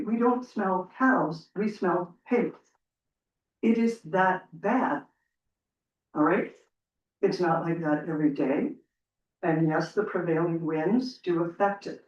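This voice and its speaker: A woman's voice: mid-range voice, darkish tone. Emotional woman near tears at a council meeting. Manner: earnest, repetitive, pleading. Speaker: resident speaking at council. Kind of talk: emotional public comment. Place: council chamber. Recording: distant, roomy and dull public meeting recording.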